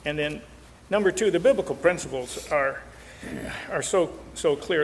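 A man's voice: a little high, normal speed, big-room sound, slight background noise. An older man and marriage counselor teaching in a folksy, joking way, acting out little quotes. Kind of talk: talk show teaching.

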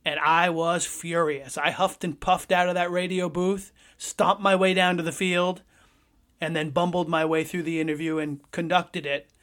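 A man hosting a podcast, telling a personal story in a lively, conversational way. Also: on the high side, moderate pace. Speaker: podcast host.

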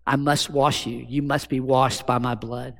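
Gravelly preacher in a reverberant sanctuary. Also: male voice, mid-range voice, level tone, unhurried, a bit bright. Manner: conversational preaching with rhetorical questions. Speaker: pastor. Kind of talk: sermon. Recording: long hall reverb.

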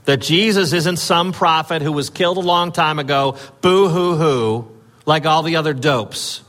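A man's voice: a little high, steady tone, moderate pace, bright, forceful tone. A man preaching a conversational sermon as pastor, telling a personal story with earnest urging and frequent fillers.

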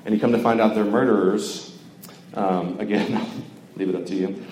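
A young Georgia man gives a casual, joking sermon to a campus crowd, his lowish, mellow voice fairly even and moderately paced, with lots of filler words. The echoey hall has faint ambience plus a little hiss or hum.

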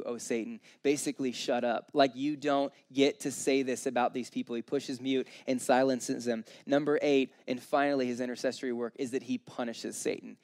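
A man in his thirties, with a medium-pitched and somewhat dark voice, delivers an informal, earnest sermon as a pastor. He counts off his points one by one and acts out quotes conversationally.

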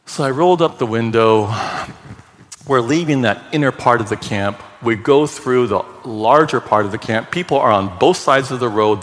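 A man preaching a sermon as pastor, telling a story slowly with heartfelt quoted dialogue. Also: lowish voice. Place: church sanctuary. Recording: long reverb of a church sanctuary.

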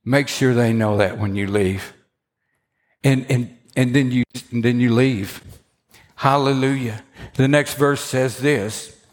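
A man preaching a sermon, telling a story with lively asides, acting out the voices of the people in it, and often repeating words as he starts a sentence. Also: mid-range voice, slow pace. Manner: animated storytelling, acts out quoted voices. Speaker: pastor.

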